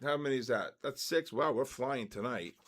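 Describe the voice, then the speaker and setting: A man hosting a casual livestream, calling out giveaway numbers and names and exclaiming excitedly over the winners. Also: medium pitch, moderate pace. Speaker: livestream host running a giveaway.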